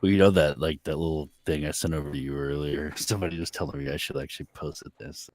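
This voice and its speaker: A man co-hosting a casual livestream chat, trading teasing deadpan jokes. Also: rumbling low, fast, no room sound. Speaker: stream co-host.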